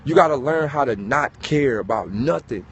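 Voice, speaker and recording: A man giving an animated, preachy motivational talk, swearing and calling listeners dog. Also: mid-range voice, moderate pace, husky, lo-fi sound. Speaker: host.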